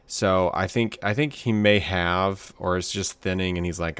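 Rambling man with a low voice. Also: fairly even intonation, normal speed, fairly bright tone, clean tone. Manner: rambling, repeats words, playful. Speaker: podcast co-host. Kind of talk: casual chat.

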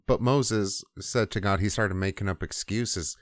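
A man's voice: on the low side, measured pace, few pauses, no room sound, studio quality. A man casually retelling a scripture story in irreverent slang with mild swearing.

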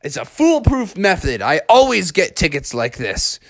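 A man's voice: sits high, huge pitch swings, normal speed, fairly bright tone, dry recording, clean studio sound, pitched above the performer's own voice, exaggerated voice. A man voicing a stubborn, penny-pinching father bear in a storybook tale, breezy and sure of himself. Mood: smug. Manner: breezy, self-assured, stingy. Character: stubborn thrifty father bear, middle-aged.

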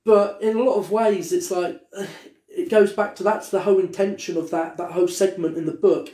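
A man co-hosting a casual podcast, animated and sweary, telling stories with lots of put-on voices. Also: high-pitched, moderate pace. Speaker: podcast co-host. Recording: echoey room.

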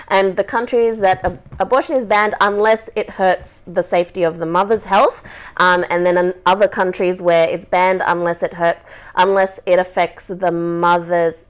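A woman's voice: fairly low pitch, normal speed. A woman hosting a casual live podcast, chatty and rambling, laughing a lot. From Australia. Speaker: podcast host. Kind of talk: casual chat, live stream.

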